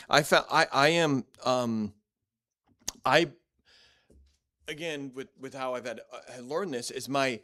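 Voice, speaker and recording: A man's voice: mid-range voice, a bit bright. A man teaching a church Bible class in a blunt, direct, conversational way, often restarting and repeating words.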